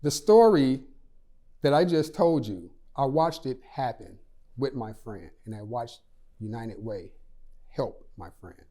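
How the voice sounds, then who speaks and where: A man's voice: mid-range voice, animated, measured pace, dark tone. Man telling an earnest personal story. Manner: earnest storytelling, voice rising and dropping for emphasis. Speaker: charity impact speaker. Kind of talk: personal story told in a prepared talk.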